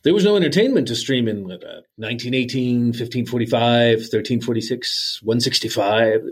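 A man's voice: mid-range voice, expressive, normal speed, husky. A man playing a jolly, sentimental old Santa Claus as an interview guest, folksy and chuckling. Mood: jovial. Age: older.

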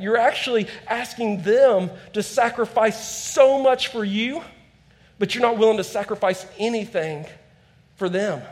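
A man in his thirties preaching a conversational sermon in a church, acting out quotes as he tells stories. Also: very high-pitched. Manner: storytelling with acted-out quotes, conversational. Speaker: pastor.

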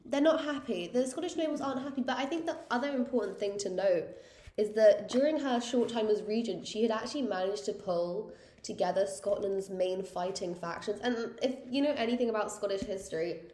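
A woman's voice: mid-range voice, a little fast, dark tone. A woman co-hosting a casual history podcast, chatting loosely with many fillers and restarts. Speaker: podcast co-host. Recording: roomy echo.

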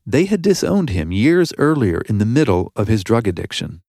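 A man's voice: fairly low pitch, big pitch swings, normal speed, a little mellow, no room sound, studio quality. A male podcast co-host reading scripted narration in an upbeat, announcer-like way.

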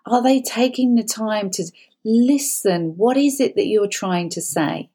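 A woman's voice: medium pitch, measured pace, warm tone, husky. A woman speaking as a guest expert, giving earnest, explanatory advice and often repeating herself. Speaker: guest psychologist. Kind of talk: conversational advice talk.

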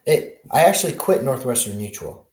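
A man's voice: mid-range voice, moderate pace, slight background noise. Man telling stories in a roomy echo. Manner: animated storyteller, many restarts. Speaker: helicopter pilot guest. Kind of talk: casual interview storytelling.

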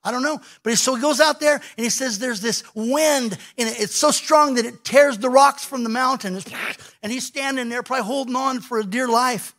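A male pastor preaching a sermon, telling a scripture story in an animated way and acting out the quoted lines. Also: very high voice, a little fast.

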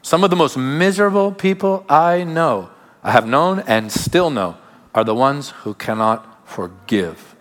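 A man preaching a sermon as pastor, emphatic, with sudden drops to quiet asides. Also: fairly high pitch, lively intonation, unhurried. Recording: long hall reverb.

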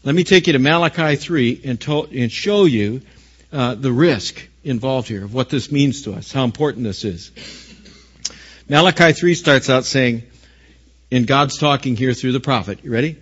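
A man preaching a sermon as pastor, rising to loud emphasis on key phrases and asking the congregation questions. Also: medium pitch, moderate pace, husky, highs cut off.

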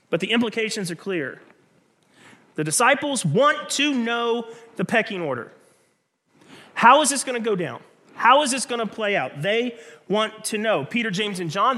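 Animated, bright-voiced male preacher. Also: high voice, normal speed. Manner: animated, conversational storytelling with frequent restarts. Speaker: pastor. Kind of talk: sermon.

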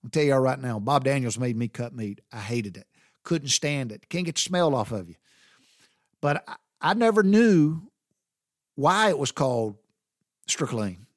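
A man's voice: mid-range voice, expressive, moderate pace, no room sound, clean studio sound. A man in his fifties with a Southern American accent, hosting a podcast and telling rambling, folksy stories. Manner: rambling, drawling, swears casually. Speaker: podcast host. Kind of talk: folksy storytelling monologue.

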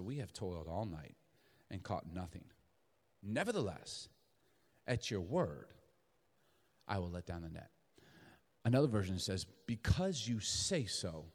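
Animated male pastor in a reverberant hall. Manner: animated, swings between booming emphasis and hushed intimacy. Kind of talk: sermon.

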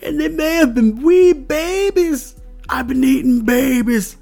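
A man voicing a shell-shocked male adventurer in a tabletop game, high and wailing with drawn-out words. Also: lively intonation, vocal fry, darkish tone, soft background music, heavily acted. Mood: horrified.

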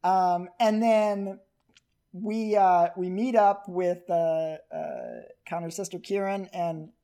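A man's voice: sits high, steady tone, slow, vocal fry, mellow. Teasing co-host man telling a story. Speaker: podcast co-host. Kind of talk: casual podcast chat.

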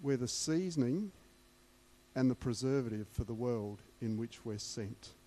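A man's voice: medium pitch, lively intonation, measured pace, dark tone. A man preaching a sermon, emphatic and repeating key words for weight.

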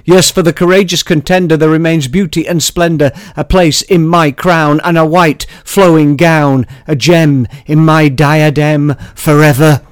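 A man recites scripture and his own poetry with measured emphasis, leaving weighty pauses. His voice sits slightly high. It is recorded close and dry, with no room sound. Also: fairly even intonation, clean tone, no room sound. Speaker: poet reading and explaining his own poems. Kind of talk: dramatic poetry and scripture reading.

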